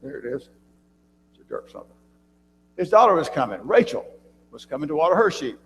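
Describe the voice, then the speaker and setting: Gravelly man teaching a church Bible class. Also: fairly high pitch, sing-song, brisk. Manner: conversational, quizzes the class with questions; frequent throat clearing and restarts. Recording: reverberant church room with faint hum.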